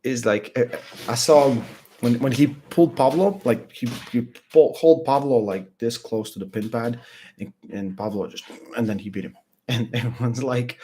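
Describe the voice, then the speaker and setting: A young man chatting casually about arm wrestling, blunt and halting, full of restarts and fillers. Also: medium pitch, warm tone, slight background noise. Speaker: arm wrestling podcast regular. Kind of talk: casual chat.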